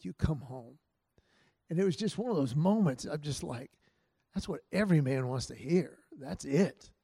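A man giving a heartfelt church talk to a men's group, telling stories in an earnest way and softening his voice for quoted lines. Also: on the high side, expressive, normal speed, creaky, slightly rough, no echo. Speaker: men's ministry speaker.

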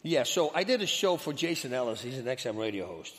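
Dutch man, interview guest, lively storyteller acting out quotes; long reverb on the voice. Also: mid-range voice, fast. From Netherlands. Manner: animated, acts out quoted dialogue.

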